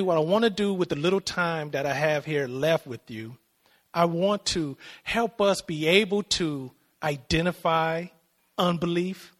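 A man's voice: on the high side, fairly bright tone. A man preaching a sermon in a conversational way, often asking the congregation for responses.

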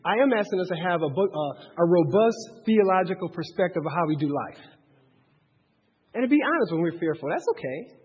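A man with a husky, fairly high voice preaches a casual, conversational sermon. He talks straight to the congregation and keeps checking that they follow him. The recording is dull and lo-fi, with a long reverb from a large sanctuary. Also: brisk. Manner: direct, animated, checks in with listeners. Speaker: pastor.

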